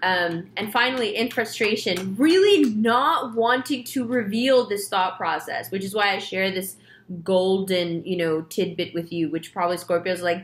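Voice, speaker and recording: A woman's voice: medium pitch, moderate pace, fairly bright tone. A young woman, a tarot reader, chatting to her viewers in a casual monologue and acting out the voices in her story.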